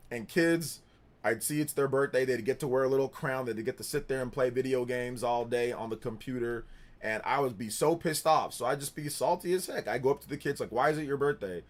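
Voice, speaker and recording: A young man hosts a casual livestream and talks in a loose, rambling way. He reads viewer comments aloud and answers them with animated chatter full of filler words. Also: mid-range voice. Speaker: streamer host.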